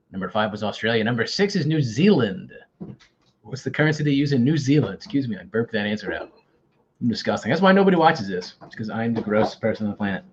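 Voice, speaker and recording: The quiz host here has a fairly low, sing-song voice and talks fairly quickly, joking around casually at his own expense. The audio is dull, with slight background noise, and the quiz is online.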